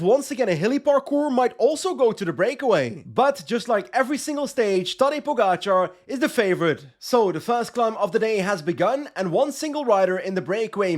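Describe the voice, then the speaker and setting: High-voiced excitable man commentating a game. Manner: excitable, shouts and pleads at close finishes. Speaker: gaming YouTuber.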